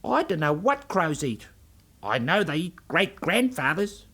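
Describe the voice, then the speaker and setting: A man's voice: fairly high pitch, sing-song, unhurried, background noise. A man voicing a gloomy male snail in a children's storybook, speaking in a doleful, matter-of-fact way.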